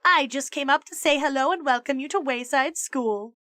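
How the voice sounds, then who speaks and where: A woman's voice: high voice, moderate pace, fairly bright tone, no room sound, studio quality, pitched above the performer's own voice. A woman voicing a sweet, flirty woman teacher in a coy manner.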